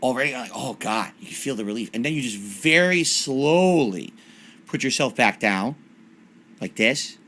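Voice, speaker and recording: Forty-ish guy streaming, blunt and cranky with chat, bright forceful voice. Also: mid-range voice, expressive, moderate pace, slight background noise. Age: 40s. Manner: blunt, irritable, insulting chat.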